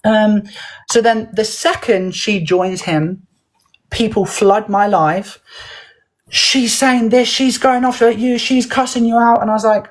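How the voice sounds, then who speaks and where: A woman hosting a livestream, telling a heated story in a casual, animated way and acting out the voices of others. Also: on the high side, a little slow, rough recording. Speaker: livestream host.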